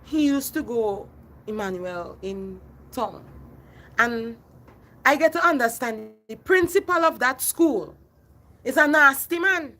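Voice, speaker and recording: A woman's voice: fairly high pitch, lively intonation, takes it slowly, bright, forceful tone, slight background noise. A middle-aged woman, ranting passionately on a phone livestream and repeating herself. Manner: impassioned, repetitive, addresses viewers by name. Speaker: livestream host.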